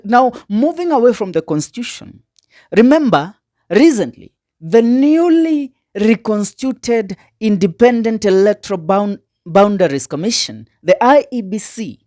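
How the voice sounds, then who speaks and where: A woman's voice: on the low side, a little mellow. A woman commentator reading out and explaining legal text to viewers, emphatic, asking rhetorical questions. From Kenya. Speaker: political commentator.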